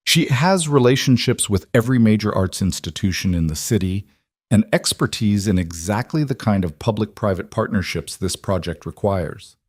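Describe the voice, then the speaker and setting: A man voicing a contrite businessman who keeps his voice steady and even. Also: fairly low pitch, moderate pace, breathy edge, no echo, studio quality. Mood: steady contrition. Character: contrite businessman husband, middle-aged, steady.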